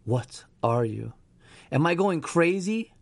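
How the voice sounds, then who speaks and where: A man voicing an anxious, frightened patient in a hospital bed, with a gravelly voice. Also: fairly high pitch, takes it slowly, dry recording, voice pushed up.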